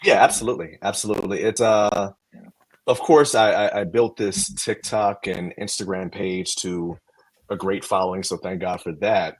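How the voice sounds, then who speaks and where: A man's voice: low voice, fairly even intonation, normal speed, rough recording. A man, a podcast guest, casually and animatedly explaining career steps, posing questions as he goes.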